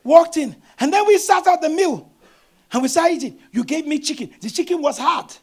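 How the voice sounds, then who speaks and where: A middle-aged man, a pastor, preaching a sermon with animated storytelling and bursts of shouting. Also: extremely high pitch, fairly quick.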